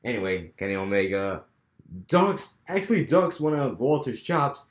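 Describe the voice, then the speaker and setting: A man's voice: mid-range voice, sing-song, moderate pace. A young man casually talking through his fantasy wrestling booking, rambling with many restarts. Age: young adult. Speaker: wrestling fan vlogger. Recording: echoey room.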